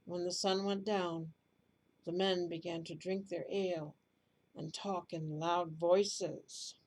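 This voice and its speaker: A woman reading a children's bedtime story aloud in a gentle, expressive way. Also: fairly low pitch, slow, slight background noise, poor audio.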